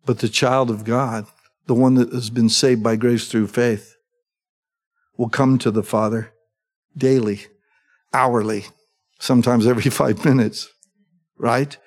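A middle-aged man preaching in an easy, conversational way. His voice sits at an ordinary pitch, and he keeps turning to his listeners for agreement as he teaches. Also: steady tone, a little slow, pauses often, darkish tone. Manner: conversational, asks the congregation for agreement. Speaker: pastor. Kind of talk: sermon.

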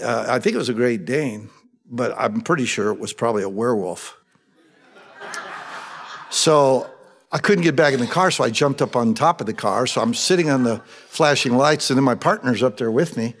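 A middle-aged man preaching a sermon, animated and humorous, mixing scripture with personal stories. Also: mid-range voice. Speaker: pastor. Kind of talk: sermon with storytelling.

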